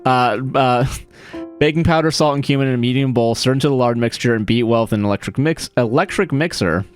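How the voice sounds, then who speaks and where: A man's voice: medium pitch, a little fast, clear, resonant tone, faint music behind. A man chatting casually on a live stream, rambling and correcting himself, often apologizing and laughing.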